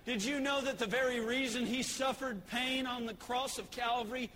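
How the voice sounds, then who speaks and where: Pastor, male, very high bright voice, fiery sermon delivery, long church reverb. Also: fairly even intonation, normal speed, a little hiss or hum. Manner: impassioned preaching, swells to shouts. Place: church sanctuary. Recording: echoey church hall.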